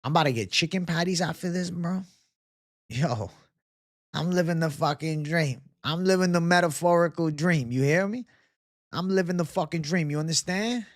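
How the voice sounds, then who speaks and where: A man's voice: fairly high pitch, moderate pace. Man, young adult, livestream host, casual chat, profane, rambling.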